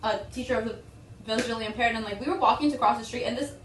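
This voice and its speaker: A woman's voice: fairly high pitch, racing. A young woman guest on a friend's vlog, telling a story in a blunt, teasing manner. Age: young adult. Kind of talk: casual storytelling chat. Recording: echoey room, mic far off, faint noise.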